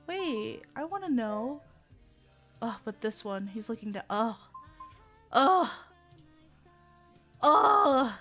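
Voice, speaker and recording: A woman streaming with a sick-sounding voice, pitched a little high, who chats casually to her viewers. She rambles and apologizes, sighing and groaning between phrases. Faint music plays quietly behind her. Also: animated, measured pace. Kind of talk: casual live-stream chat.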